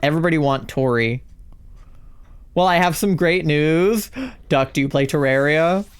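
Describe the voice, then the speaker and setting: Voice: mid-range voice, a little slow, clear, resonant tone, faint music behind. A live game streamer chatting casually with viewers while playing, swearing freely and talking straight to chat.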